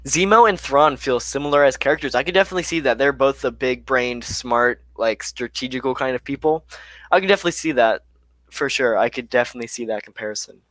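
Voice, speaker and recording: A man's voice: mid-range voice, fast talker, no room sound. Young man chatting casually on a live stream. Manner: reads chat questions aloud, relaxed and chatty with many fillers. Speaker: live stream host answering viewer chat.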